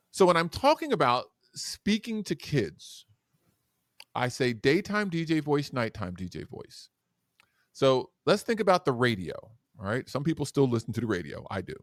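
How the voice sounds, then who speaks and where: A man who is a guest educator and speaker on a podcast interview, talking in an animated, demonstrative way that swings between loud and soft. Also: medium pitch, normal speed, no echo, studio quality.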